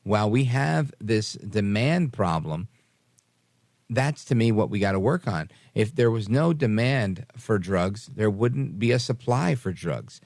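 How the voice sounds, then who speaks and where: A male talk radio host speaks into a studio mic in a low voice. The sound is close and dry, with no room around it. He answers a caller in an earnest, rambling way, restarting his sentences as he goes. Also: animated, unhurried, gravelly, darkish tone, no echo.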